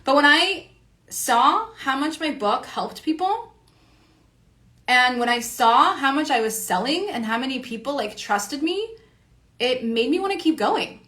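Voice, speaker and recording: Slightly high-voiced woman, rambling and profane. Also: animated, a little slow, pushed and bright. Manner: rambling and profane, heavy use of "like". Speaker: online creator and educator. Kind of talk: casual monologue.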